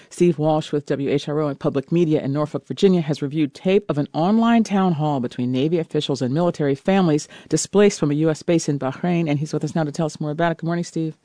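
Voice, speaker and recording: A woman hosting a morning radio news show, asking brisk questions. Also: deep voice, dark tone, dry recording, studio quality. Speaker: news host.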